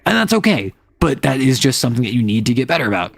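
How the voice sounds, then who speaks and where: A young adult non-binary streamer chatting casually and rambling, often sliding between higher and lower voice registers. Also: big pitch swings, fast talker, no echo. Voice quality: some gravel in the voice. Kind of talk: casual live-stream chat.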